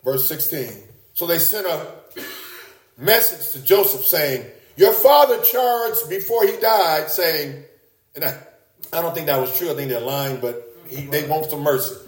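A man preaching a sermon in an animated way, often rising high for emphasis and repeating his words. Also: moderate pace, echoey room.

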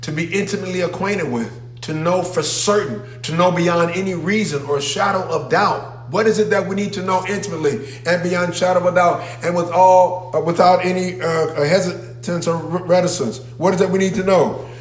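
A man's voice: high-pitched, moderate pace, slight background noise. Emphatic male preacher in an echoey church. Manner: emphatic, calls out to the congregation. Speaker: pastor. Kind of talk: sermon. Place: church sanctuary with a congregation. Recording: echoey room.

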